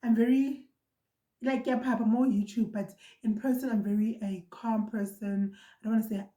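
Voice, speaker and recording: A young South African woman vlogger telling a storytime in an animated, emphatic way, repeating lines for effect. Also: a little high, moderate pace. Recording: echoey room.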